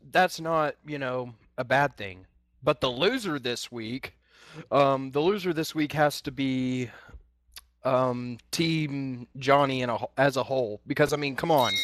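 A man giving his picks on a podcast, halting and full of fillers. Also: medium pitch, dry recording. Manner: halting, many fillers and pauses. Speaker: podcast panelist. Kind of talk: casual chat.

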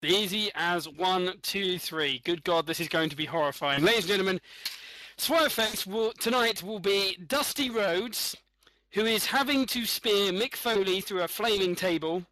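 A male podcast host sets up comedy challenges in a playful game-show manner. His voice sits high and bright, and it is recorded dry and close. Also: a little slow, no room sound, low-quality recording.

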